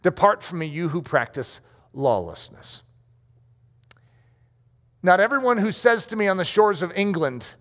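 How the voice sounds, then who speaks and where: A man with a high voice preaches a sermon in a large hall, and his words ring out with long reverb. He speaks with emphasis and acts out the voices of the people he quotes. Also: expressive, normal speed, a bit bright.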